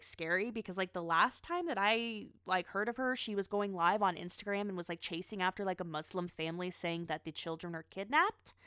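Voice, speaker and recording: A woman's voice: on the low side, fairly bright tone, clear, resonant tone, dry recording, studio quality. A woman in casual chat, rambling about pop culture with frequent restarts and asides.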